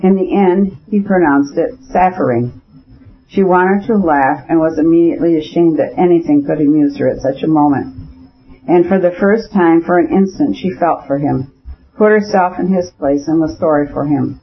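Male audiobook narrator, fairly high husky voice, measured reading, dull lo-fi recording. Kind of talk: scripted narration of a classic novel.

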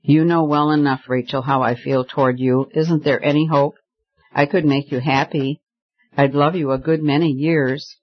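A man's voice: on the high side, fairly even intonation, normal speed, close to an everyday voice. A man doing a moody young suitor. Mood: pleading. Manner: moody, pleading. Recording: slightly dull lo-fi recording.

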